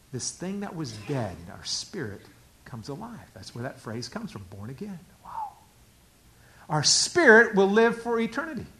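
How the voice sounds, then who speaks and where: A man preaching a sermon as a pastor, swinging between hushed, quiet passages and louder, animated stretches. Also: high-pitched.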